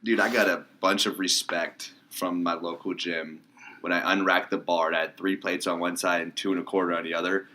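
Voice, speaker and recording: A very low-voiced man guesting on a casual podcast. He talks quickly, and his stories are boisterous and full of swearing. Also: steady tone, bright, forceful tone. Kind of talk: casual chat.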